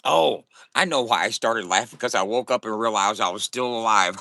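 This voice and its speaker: A man's voice: on the low side, moderate pace, vocal fry, bright, forceful tone, no room sound. A man talking casually to camera in a morning vlog, boisterous and profane and laughing often. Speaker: vlogger.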